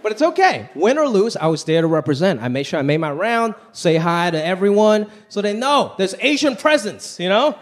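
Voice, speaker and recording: With a high voice, big pitch swings, and a slightly fast pace with few pauses, a man does stand-up in a large theater, chatting punchily and doing exaggerated impressions. A little hiss or hum sits under this live stage recording of a loud crowd's laughter and applause.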